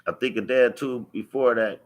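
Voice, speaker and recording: A man's voice: mid-range voice, fairly even intonation, fairly quick. A man, telling his own life story to camera in an emphatic, profane way, repeating key phrases. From Los Angeles. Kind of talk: unscripted personal storytelling.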